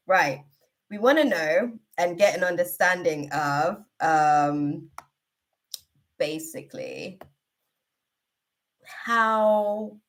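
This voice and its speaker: A woman's voice: low voice, a bit bright. A woman hosting a live tarot reading, chatting casually and laughing often as she talks. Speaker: tarot reader, live-stream host.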